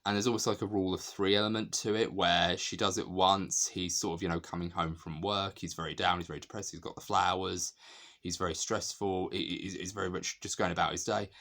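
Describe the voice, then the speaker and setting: A man's voice: low voice, flat delivery, a little fast, sharp tone. A man talking casually and enthusiastically through a film's scenes, laughing as he retells the jokes. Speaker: film reviewer. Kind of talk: casual film analysis.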